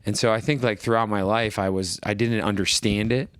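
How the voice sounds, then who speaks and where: A middle-aged man, a podcast guest, telling stories in a rambling, animated way and acting out quoted voices. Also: lowish voice, a little fast, smooth, no room sound. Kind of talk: casual storytelling conversation.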